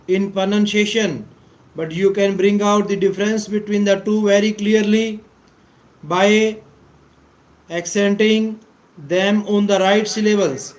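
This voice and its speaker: Man, English teacher, high voice, slow deliberate lecture, repeats words, clears throat. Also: poor audio.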